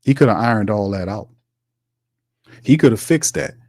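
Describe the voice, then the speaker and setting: A man's voice: on the low side, lively intonation, normal speed, a little mellow, dry recording, studio quality. A man hosting sports commentary, ranting heatedly and repeating his points. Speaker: host.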